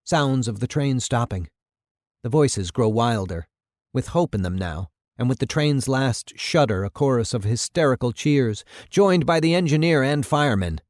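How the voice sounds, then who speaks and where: A man's voice: mid-range voice, animated, normal speed, darkish tone, dry recording, studio quality. A man reading the stage directions of a radio play aloud. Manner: plain narrating of sound cues. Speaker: reader.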